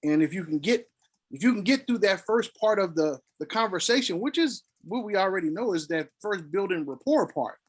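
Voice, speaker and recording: A man's voice: high voice, lively intonation, fairly quick, husky. A man on a casual consulting call, explaining sales technique and acting out sample calls with filler syllables.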